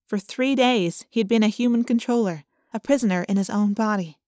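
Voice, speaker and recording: A woman narrating an audiobook in first person with clear, steady storytelling on a close studio mic. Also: medium pitch, a little fast, dry recording.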